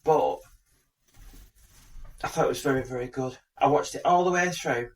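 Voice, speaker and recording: A man's voice: medium pitch, moderate pace, distant mic. A man, co-hosting a podcast and chatting in a rambling, joking way. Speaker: podcast co-host. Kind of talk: casual chat.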